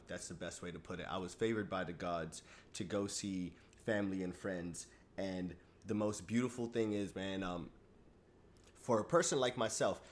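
A man hosting his own podcast, talking casually, swinging between loud hype and low mumbling, with many fillers. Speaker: podcast host. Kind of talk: casual solo podcast monologue.

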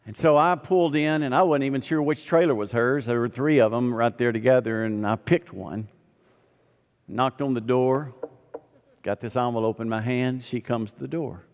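A man's voice: medium pitch, moderate pace, long reverb tail. A man preaching a sermon, telling a story and acting out both sides of the conversation. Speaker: pastor.

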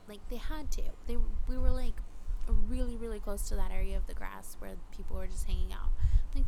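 A young woman hosting a podcast, retelling a personal story in casual, animated chat full of fillers. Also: mid-range voice, noisy background. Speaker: podcast host.

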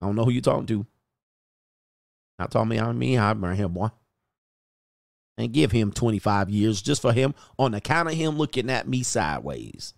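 A man voicing a bigoted, menacing old small-town judge who taunts in a slow drawl. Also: fairly low pitch, big pitch swings, gravelly, dry recording, studio quality. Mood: threatening. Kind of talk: mock role-play on a livestream.

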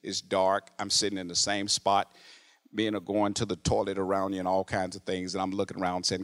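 A male preacher telling a story in a sermon, dropping to a hush, then rising to loud, animated exclamations. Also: low voice, brisk. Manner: animated, swinging from hushed narration to loud exclamations.

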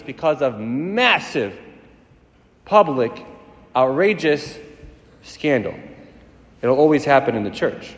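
A priest with a fairly high voice delivers a sermon at a quick clip, pressing his points with emphasis. His voice rings through a large church with a long, echoing reverb. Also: very animated. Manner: fast-talking, emphatic, rising to intensity.

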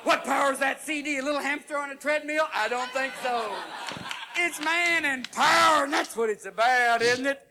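A man performing a comedy sermon as a manic evangelical preacher, booming and preachy with shouted exclamations. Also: moderate pace. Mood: preaching. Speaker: stand-up comedian. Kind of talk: comic sermon parody. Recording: live show with loud crowd and noise.

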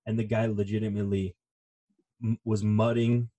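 A man's voice: fairly low pitch, little pitch movement, moderate pace, dark tone. A man co-hosting a podcast in casual chat, rambling and swearing with lots of fillers. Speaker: podcast co-host.

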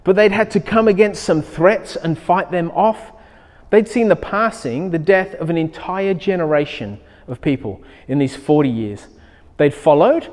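A man preaches a sermon, slipping into a personal story that he tells with lively energy and acts out in voiced asides. His voice sits a little high for a man, and it rings with the long reverb of a large hall. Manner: animated storytelling, acting out his own thoughts. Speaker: pastor.

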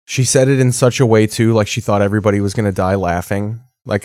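A man's voice: lowish voice, fairly even intonation, fast, few pauses, darkish tone, dry recording. A man in his thirties doing casual, profane, rambling commentary while reacting to TV. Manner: rambling, sardonic storytelling. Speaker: streamer reacting to TV.

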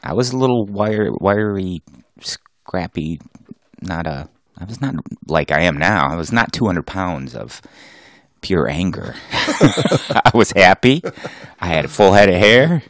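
Low-voiced joking middle-aged man. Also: lively intonation, measured pace, a bit bright, dry recording, clean studio sound. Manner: joking, self-mocking. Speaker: podcast co-host. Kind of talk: casual joking banter.

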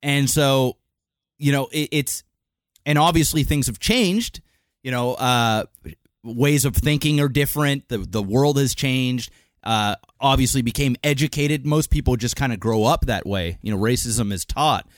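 A man's voice: mid-range voice, measured pace, dry recording, studio quality. A man co-hosting a podcast, speaking earnestly and hesitantly about a touchy subject, often restarting his sentences. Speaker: podcast co-host. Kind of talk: casual chat.

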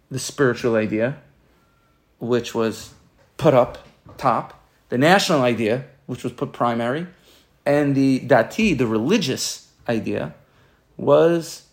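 A man giving an informal Torah class, rambling and often restarting and repeating his words. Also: mid-range voice. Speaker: Torah teacher.

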